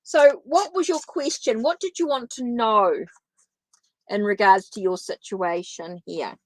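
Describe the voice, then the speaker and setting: A woman's voice: a little high, measured pace, dry recording, low-quality recording. A woman from New Zealand with a Kiwi accent, giving tarot readings on a live stream in a chatty way that repeats itself and answers viewers. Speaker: tarot reader.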